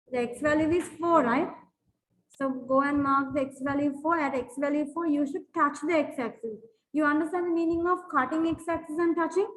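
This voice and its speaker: A woman's voice: high voice, a little hiss or hum, low-quality recording. A woman teaching a maths lesson in a classroom, repeating herself with fillers and restarts, and often asking whether the students follow. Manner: repetitive, with many fillers and restarts. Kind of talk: classroom lesson explaining graphs.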